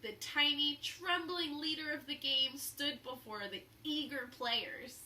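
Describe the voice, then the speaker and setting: A woman reading a children's picture book aloud, pausing to explain the story to young listeners. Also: high-pitched, pushed and bright. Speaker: storybook reader. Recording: roomy echo, faint hum.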